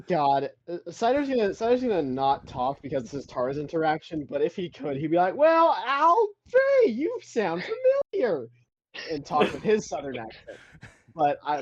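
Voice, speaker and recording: A man's voice: a little high, fairly quick, darkish tone, dull audio. A man playing a tabletop role-playing game, chatting casually and rambling with lots of "like.". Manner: rambling, full of "like" and restarts. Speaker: player.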